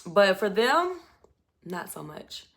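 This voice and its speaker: A woman with a mid-range, very animated voice speaks at a slow pace. She gives a casual, chatty recap of a reality show, telling it expressively with lots of asides as casual commentary.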